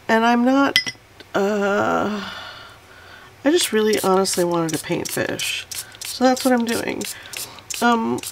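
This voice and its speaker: A woman's voice: mid-range voice, slight background noise, poor audio. A woman hosting a casual watercolor tutorial, chatty and self-deprecating as she narrates each painting step.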